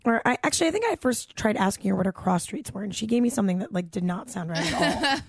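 A young woman hosts a casual podcast, retelling a night out in a chatty, rambling way full of "like". Her voice sits at a middle pitch for a woman. The sound is dry and close. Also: quick pace, breathy edge, no room sound. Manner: chatty, lots of "like", animated retelling with quoted voices. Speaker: podcast host. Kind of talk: casual chat, storytelling.

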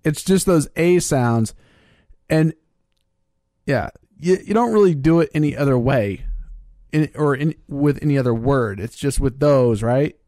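A man's voice: mid-range voice, lively intonation, a little slow, mellow, dry recording, clean studio sound. A man guesting on a podcast, talking in a laid-back, wry way. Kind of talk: casual chat.

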